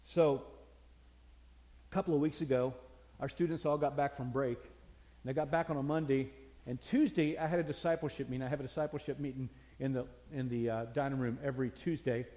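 A man's voice: mid-range voice, fairly even intonation, a little fast, warm tone. Brief: older male pastor, folksy storytelling sermon, echoing hall.

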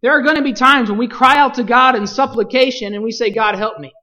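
A Bible teacher leading a study, speaking deliberately and putting questions to the class. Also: mid-range voice, pushed and bright, low-quality recording.

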